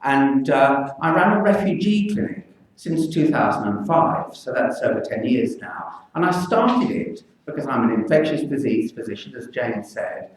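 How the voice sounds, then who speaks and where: An older man, a children's physician, speaking earnestly and with measured pauses to a public meeting. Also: medium pitch, very animated. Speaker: pediatric infectious disease physician. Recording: echoey hall, mic from far off.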